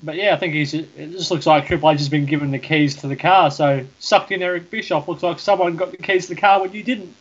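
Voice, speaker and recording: A man co-hosting a casual podcast, animated and acting out quotes. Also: on the high side, fast talker, hardly any pauses, muffled recording. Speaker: podcast co-host. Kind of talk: casual chat.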